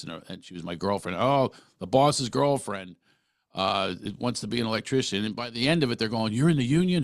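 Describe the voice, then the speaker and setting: A man's voice: lowish voice, gravelly, no room sound. Earnest emphatic man, dry close sound. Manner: earnest, emphatic, often restarts mid-sentence. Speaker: podcast host. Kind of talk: casual interview talk.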